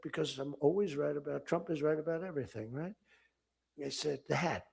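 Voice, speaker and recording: A man's voice: a little high, a little fast, vocal fry, a little mellow, breathy edge. An older man giving a rambling, repetitive political speech that wanders between asides, acting out conversations as he goes.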